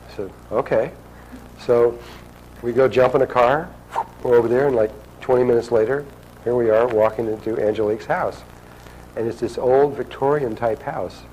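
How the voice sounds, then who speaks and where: A man's voice: mid-range voice, fairly even intonation, moderate pace, darkish tone, a little hiss or hum, rough recording. A man telling a personal story to an audience in a loose, conversational way, acting out the dialogue. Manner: conversational, acts out quoted dialogue.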